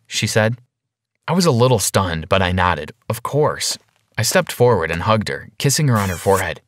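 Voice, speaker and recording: A man narrates a first-person animated story time in a low voice. His pitch rises and falls widely, and he slows down for the dramatic reveals. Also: dry recording, studio quality.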